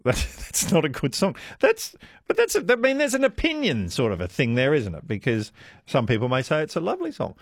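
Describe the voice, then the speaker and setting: A man's voice: on the high side, wildly swooping pitch, brisk, no echo, studio quality. A man hosting a radio quiz with callers, chatty and self-deprecating, laughing often. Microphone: studio microphone.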